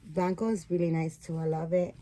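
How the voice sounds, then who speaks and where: A woman's voice: fairly low pitch, fairly even intonation, fairly quick, mellow. Woman doll-nursery vlogger, rambling chatty storyteller, casual to camera. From Puerto Rico. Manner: rambling storyteller, acts out quoted dialogue. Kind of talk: casual chat to viewers while dressing dolls.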